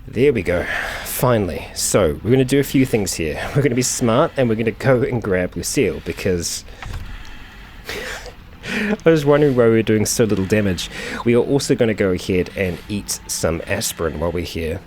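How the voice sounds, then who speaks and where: A man's voice: fairly low pitch, expressive, brisk, darkish tone, a little hiss or hum. A man hosting a let's play, chatting through his gameplay as he thinks aloud, with frequent fillers. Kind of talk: gameplay commentary.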